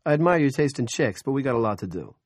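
A man voicing a blunt, impatient male lawman in an audiobook, loud and gruff as he barks commands. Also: medium pitch, very animated, fast talker, dry recording, studio quality, voice pushed up. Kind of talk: audiobook character voice.

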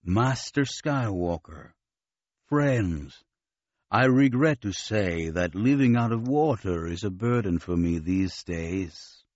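A man voicing an ill old amphibian admiral who lisps and gasps for air, speaking very slowly. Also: on the low side, animated, a little mellow, no room sound, dull audio, pitched below the performer's own voice. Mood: weary. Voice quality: lisping, breathy. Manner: very slow, labored.

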